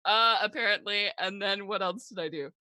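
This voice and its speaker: A woman's voice: medium pitch, moderate pace, pushed and bright, no echo, poor audio. A woman casually recapping the last session of a tabletop game as a player, rambling and giggly, full of "like" and "uh".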